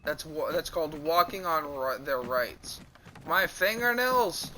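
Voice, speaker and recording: Bright high-voiced man ranting casually. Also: very animated, measured pace, slight background noise, rough recording. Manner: profane, rambling, exasperated storytelling. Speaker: streamer. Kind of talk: casual livestream storytelling.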